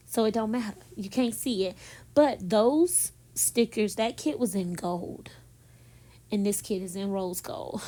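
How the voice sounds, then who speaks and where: A woman recording a casual, chatty voiceover in her bedroom, talking softly, laughing at herself and speaking straight to her viewers. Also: mid-range voice. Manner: talks softly so as not to disturb someone nearby. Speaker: planner vlogger. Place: bedroom at home.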